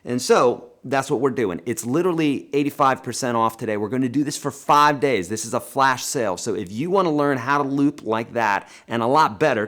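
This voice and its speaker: A man hosting a live guitar lesson and Q&A, chatty and animated, talking to viewers as friends and reading their questions aloud. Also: mid-range voice. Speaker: guitar teacher hosting a livestream.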